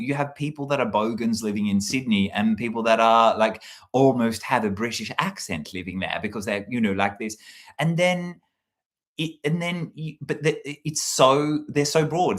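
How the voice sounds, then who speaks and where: A man hosting a casual livestream into a handheld mic, rambling with restarts while reading chat aloud. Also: lowish voice. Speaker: livestream host. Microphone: handheld microphone.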